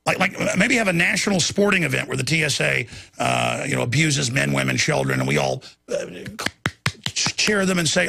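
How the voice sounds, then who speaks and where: Gravelly ranting male news host. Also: a little high, animated, moderate pace, pushed and bright, no room sound. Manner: ranting, indignant, digressive. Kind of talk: opinionated news commentary.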